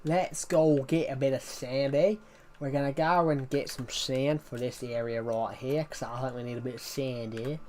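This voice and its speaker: A man's voice: mid-range voice, fairly even intonation, normal speed, darkish tone, natural voice. A British man putting on a playful, hammy Australian accent as a cheerful, matey bloke while he plays. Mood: jokey. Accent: put-on Australian. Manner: playful, hammy, self-mocking.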